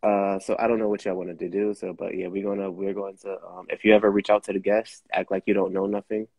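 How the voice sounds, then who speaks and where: A man's voice: sits low, little pitch movement, fast talker, creaky, a little mellow, husky, no echo, rough recording. A young man telling a story casually on a livestream, slangy and profane. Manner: profane, laid-back, slangy. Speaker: car rental host.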